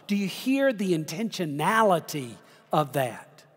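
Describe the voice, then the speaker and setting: A middle-aged man preaching a sermon as pastor, telling stories slowly with dramatic pauses. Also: high-pitched. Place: large church sanctuary. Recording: long church reverb.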